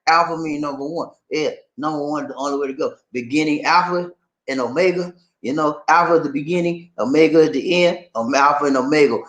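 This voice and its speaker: Reading viewer comments in a casual chat, an American vlog host speaks fairly quickly in a higher, fairly bright voice, laughing often and stretching out the word "man." The room he records in is echoey.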